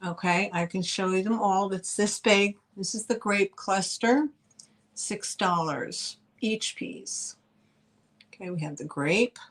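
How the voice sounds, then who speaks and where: A woman with a New York accent runs a live sale, talking at an unhurried pace. She chats with her viewers and greets them by name. Her voice sits at an ordinary middle pitch. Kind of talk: live-stream selling chat.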